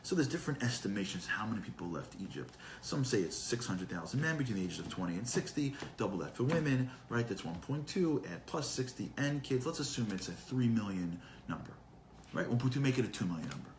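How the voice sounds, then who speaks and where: A man teaching a live online class, animated and full of rhetorical questions, quoting and translating Hebrew texts. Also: medium pitch, brisk, slight background noise, low-quality recording. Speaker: Torah teacher.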